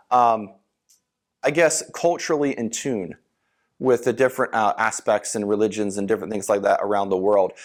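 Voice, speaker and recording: A man from Philadelphia giving a sales seminar lecture, talking casually with many fillers and acting out sample sales lines. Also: mid-range voice. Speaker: sales trainer.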